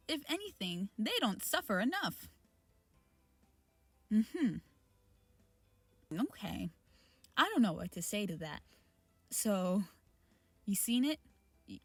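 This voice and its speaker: A woman's voice: medium pitch, no echo. A woman hosting a casual reaction video, reading posts aloud and ranting about them with frequent restarts. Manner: ranting, exasperated, restarts often. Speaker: reaction channel host.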